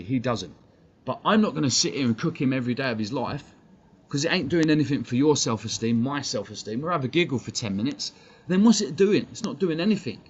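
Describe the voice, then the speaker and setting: A man's voice: mid-range voice, breathy edge, highs cut off. A man with an English accent ranting on a live stream, blunt and profane, talking straight at his chat. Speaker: fan channel streamer. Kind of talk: heated live-stream rant.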